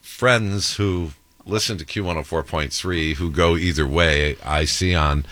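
A man hosting a morning radio show, chatting in a relaxed way with his co-hosts and laughing easily. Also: sits low, measured pace, no room sound. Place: radio studio.

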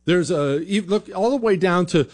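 A man's voice: high-pitched, normal speed, darkish tone. A man hosting a political talk show, giving blunt, sarcastic opinion commentary in a conversational way.

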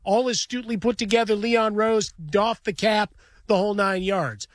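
A man's voice: sits high, fairly even intonation, moderate pace, no room sound. A man co-hosting a sports radio show from a studio, talking in a wry, opinionated way full of idioms. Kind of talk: casual radio banter.

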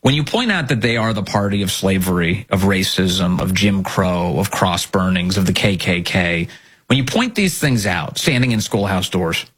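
A man's voice: deep voice, expressive, moderate pace, fairly bright tone, slightly rough. A male host delivering opinionated commentary, indignant and firing off rhetorical questions.

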